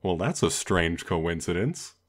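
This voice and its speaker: A man with a fairly low voice reads a scripted comedy narration. His delivery is deadpan and dry, with a sarcastic edge. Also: measured pace. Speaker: video essay host.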